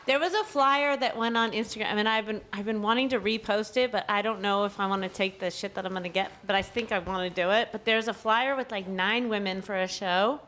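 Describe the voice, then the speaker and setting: A woman's voice: mid-range voice, fairly even intonation, fairly quick, few pauses, a bit bright. A woman, a comedian guest, venting indignantly in casual podcast chat. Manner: indignant, outspoken.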